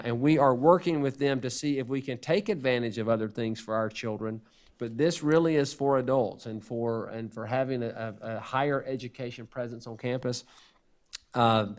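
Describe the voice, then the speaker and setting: Earnest man reporting to a board. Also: medium pitch. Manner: earnest, hesitant with many restarts and fillers. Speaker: school district administrator reporting to the board. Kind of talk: unscripted report at a board meeting.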